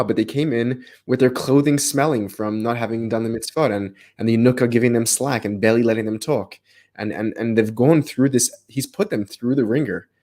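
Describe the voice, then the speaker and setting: A man co-hosting a live text study, talking with energy and restarting phrases as his ideas build. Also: fairly low pitch. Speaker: co-host of a text study livestream. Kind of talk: animated live study discussion.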